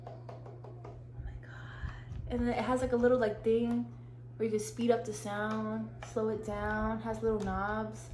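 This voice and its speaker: Excitable young woman in an echoey room. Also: on the high side, a little slow, long pauses. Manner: excitable, gushing, slangy. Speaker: vlogger. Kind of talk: casual unboxing vlog. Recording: echoey room, faint hiss.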